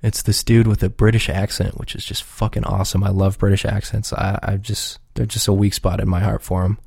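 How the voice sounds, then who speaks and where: Laid-back, foul-mouthed man with a low voice. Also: little pitch movement, a little fast, gravelly, darkish tone, slightly rough, no room sound, clean studio sound. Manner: profane, rambling, laid-back. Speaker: podcast regular. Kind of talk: casual rambling chat.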